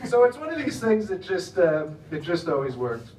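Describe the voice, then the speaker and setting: A man's voice: high-pitched, very animated, normal speed, darkish tone. An American man doing a rambling, chatty stand-up comedy set, often laughing at his own jokes. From United States. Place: comedy club stage in the Netherlands. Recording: echoey room from some distance, faint noise.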